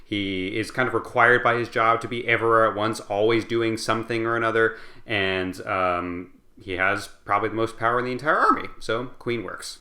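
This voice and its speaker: A man's voice: lowish voice, bright, forceful tone, echoey room. A man hosting a casual comedic book recap, rambling with lots of fillers and asides while a bit tipsy. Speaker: host.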